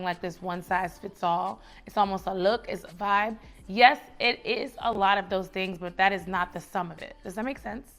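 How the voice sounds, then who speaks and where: A young woman from the Bronx, giving chatty, encouraging advice straight to camera and calling her viewers baby and sis. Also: medium pitch. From the Bronx, New York. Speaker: lifestyle vlogger. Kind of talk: casual direct-to-camera advice.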